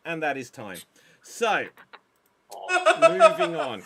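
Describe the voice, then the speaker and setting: A man hosting an improv game, calling time and joking with wry, unhurried banter. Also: mid-range voice, very animated, a bit bright. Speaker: improv show host.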